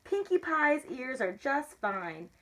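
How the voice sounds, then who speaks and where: A woman's voice: high-pitched, sing-song, slow, fairly bright tone, exaggerated voice. A woman voicing a strict but caring mother cat in a storybook read-aloud, firm and scolding. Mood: stern.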